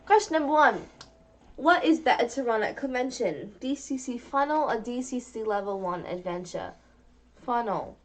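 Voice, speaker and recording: A woman's voice: fairly high pitch, moderate pace. A young woman co-hosting a casual gaming podcast, blunt and teasing. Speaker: podcast co-host. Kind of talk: casual chat.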